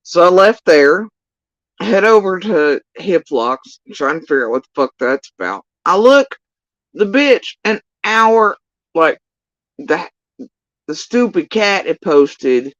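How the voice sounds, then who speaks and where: A woman's voice: lowish voice, expressive, takes it slowly, dry recording. A woman giving casual ranting livestream commentary, profane, sarcastic and exasperated, on a dull, dry lo-fi recording. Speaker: YouTube drama commentator.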